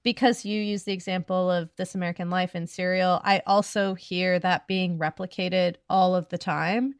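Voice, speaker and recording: A woman's voice: lowish voice, steady tone, clean tone, dry recording. Curious woman interviewer, dry sound. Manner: curious, measured questioning. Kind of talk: casual interview questions.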